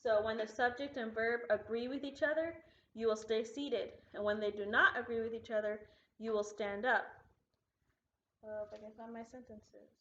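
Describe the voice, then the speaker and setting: A woman teacher giving a recorded grammar lesson to students at home, patient and deliberate, slowing down to model example sentences. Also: on the high side, fairly even intonation, fairly bright tone. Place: classroom. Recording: echoey room, dull lo-fi sound.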